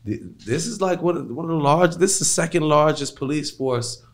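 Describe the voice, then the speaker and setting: A man's voice: on the high side, fairly quick. A man talking as a podcast guest in a loose, rambling way, filling gaps with "you know what I mean". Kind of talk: casual interview talk.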